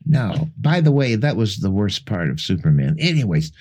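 A man's voice: on the low side, sing-song, moderate pace, a little mellow, husky. A man co-hosting a podcast, dryly recapping the plot of a bad old movie. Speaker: podcast co-host.

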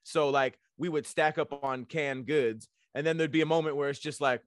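A man's voice: on the high side, steady tone, normal speed, no echo, clean studio sound. A man co-hosting a casual group podcast, rambling with lots of fillers and frequent laughter. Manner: filler-heavy, laughs a lot. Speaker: podcast co-host.

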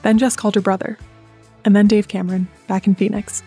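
Flat, husky-voiced woman narrating a documentary. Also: mid-range voice, faint music behind. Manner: even, measured delivery. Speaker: narrator and interviewer.

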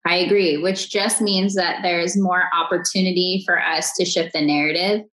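A woman in her thirties speaks as an interview guest, her voice sitting on the low side. She talks in an earnest, upbeat way, circling back and restarting her thoughts as she goes. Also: steady tone, moderate pace, fairly bright tone, rough recording. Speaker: podcast guest. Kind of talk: conversational interview.

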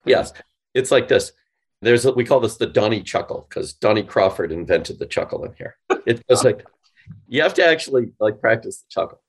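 A man being interviewed on a podcast, explaining with animated, demonstrative delivery and acting out example phone lines. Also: lowish voice, moderate pace, breathy edge. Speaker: guest, sales company CEO.

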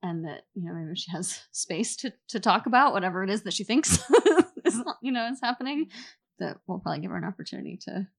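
A woman's voice: mid-range voice, lively intonation, quick pace, gravelly, slightly rough. Woman thinking aloud on a panel. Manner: thinking aloud, many fillers, laughs. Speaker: panel guest, author. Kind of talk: casual panel answer.

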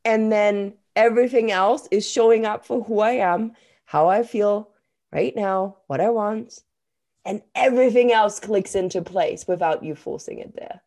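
A woman's voice: mid-range voice, a little slow, a little mellow. A woman hosting a casual conversation, talking with enthusiasm and emphasis and swearing now and then. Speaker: podcast host.

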